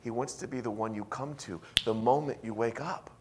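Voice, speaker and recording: A man pastor preaching a sermon in a church, telling a story with animated swings from hushed, intimate lines to loud, emphatic ones. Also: mid-range voice, brisk, background noise.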